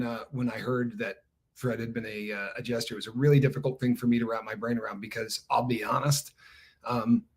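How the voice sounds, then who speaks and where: A man co-hosting a live stream, talking things through in a thoughtful, hesitant way with many fillers. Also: medium pitch. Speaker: co-host. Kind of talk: reflective live-stream commentary.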